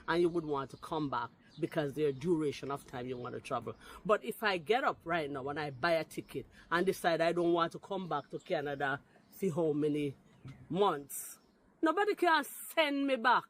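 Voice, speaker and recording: A woman from Jamaica with a Jamaican accent giving emphatic, argumentative reaction commentary to camera, mixing patois into her speech. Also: deep voice. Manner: emphatic and argumentative, repeats "you understand?". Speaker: vlogger responding to a video.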